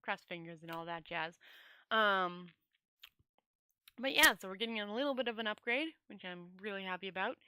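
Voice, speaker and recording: A woman host reading a novel aloud to her viewers in a chatty, relaxed way, stumbling and rereading words now and then. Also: mid-range voice, normal speed, clean tone. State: dry throat. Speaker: storyteller host. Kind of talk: reading a novel aloud, casual sign-off chat.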